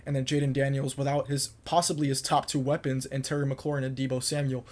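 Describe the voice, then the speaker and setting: A young man talks alone on his podcast, laying out football predictions with firm, emphatic conviction and repeating points to drive them home. His pitch sits at an ordinary middle height and barely moves, giving the delivery a level, monotone feel. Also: fast. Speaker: podcast host. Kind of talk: solo sports picks monologue.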